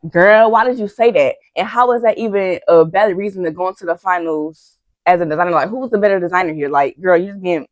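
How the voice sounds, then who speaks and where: A woman's voice: on the low side, quick pace, dry recording. A young woman giving a chatty, gossipy reality-TV recap, talking straight to her viewers and acting out what people said. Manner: chatty and gossipy, addresses viewers as y'all, acts out quotes. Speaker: recap vlogger.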